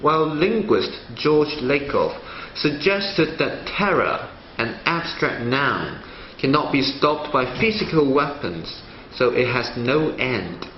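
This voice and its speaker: A male student presenter reading a scripted analysis in a measured way. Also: mid-range voice, very animated, a little hiss or hum. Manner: reads a prepared analysis in a measured way. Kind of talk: scripted narration. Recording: roomy, slightly dull sound with faint ambience.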